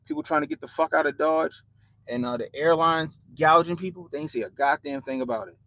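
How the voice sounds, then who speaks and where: A young man hosting a livestream, ranting bluntly and profanely about politics to his chat in animated slang. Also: on the high side, brisk, dry recording, rough recording. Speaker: livestream host.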